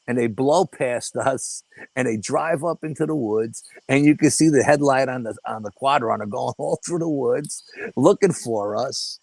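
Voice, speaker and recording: Older guy telling a spooky story, swears a lot, gravelly voice, dry close sound. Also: mid-range voice, moderate pace, no echo, rough recording. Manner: animated, profane, acts out quoted dialogue. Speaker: guest paranormal investigator. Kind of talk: casual storytelling interview.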